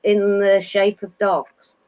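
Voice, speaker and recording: A woman's voice: mid-range voice, monotone, takes it slowly, darkish tone. An older woman with a Derbyshire accent, co-hosting a casual live chat and laughing often, on a video call. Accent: Northern English, Derbyshire. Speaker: co-host.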